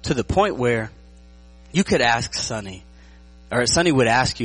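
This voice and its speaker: A man's voice: mid-range voice, unhurried, soft background music, poor audio. A man preaching a sermon as pastor, joking and often checking that his listeners are following him. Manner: lively, joking, checks in with the audience.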